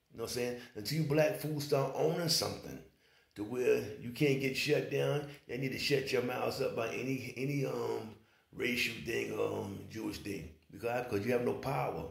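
Gravelly man in a rambling vlog. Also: mid-range voice, roomy sound. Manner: rambling, keeps saying "you know what I'm saying". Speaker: online commentator. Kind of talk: casual commentary vlog.

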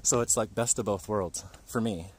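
In a husky voice on the low side, a man chats and jokes with his viewers at a moderate pace during a casual livestream set in a park forest.

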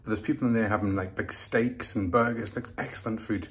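A man's voice: lowish voice, fairly even intonation, brisk, husky. A man, chatting casually to viewers in a travel vlog. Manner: chatty, addresses viewers as folks. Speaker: travel vlogger.

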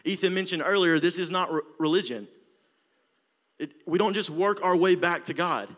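A young man preaching with an Alabama drawl, his voice sitting high and sounding bright and forceful. He delivers a passionate sermon that swells from hushed moments to near-shouting. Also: moderate pace. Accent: Southern US, Alabama. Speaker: youth preacher.

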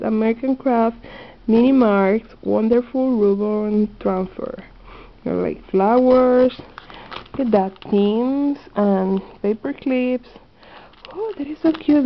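Gushing woman, slow, lo-fi. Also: a little high. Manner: excited, gushing, slightly non-native phrasing. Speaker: craft haul vlogger. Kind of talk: casual haul video. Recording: dull lo-fi home video audio.

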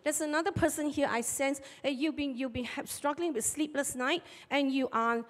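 A woman pastor, preaching a sermon and telling personal stories in an animated way. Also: high voice, normal speed. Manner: animated storyteller, acts out shouted market dialogue. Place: church sanctuary. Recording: long church hall reverb.

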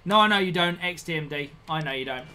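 A man's voice: a little high, fast, pushed and bright. A man chatting casually with viewers while live-streaming a video game, rambling and repeating himself. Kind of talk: live-stream gameplay chat.

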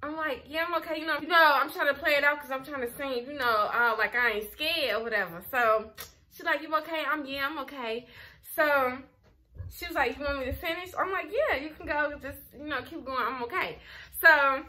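A young adult woman telling a personal story on her vlog, candid and animated, full of filler words. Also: high-pitched, moderate pace. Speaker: vlogger. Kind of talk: casual storytime.

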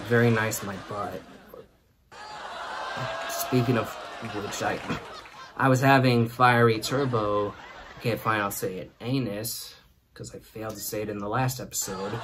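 A man's voice: mid-range voice, noisy background. A man hosting a show, telling a comic story and laughing through it. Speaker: host. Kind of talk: comedic storytelling.

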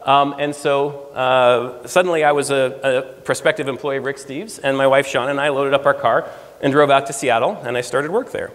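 Lively storyteller man in a reverberant hall. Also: mid-range voice, moderate pace. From United States. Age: 40s. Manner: lively storyteller, acts out quoted dialogue. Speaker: guest speaker. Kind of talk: storytelling talk. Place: lecture room.

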